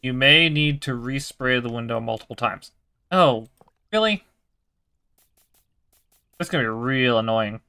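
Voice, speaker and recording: A man's voice: mid-range voice, a little slow, long pauses, pushed and bright, clean tone, no echo, clean studio sound. A young man giving casual, swearing let's-play commentary while he plays a game. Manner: chatty, swears casually, talks to himself. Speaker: gaming video creator.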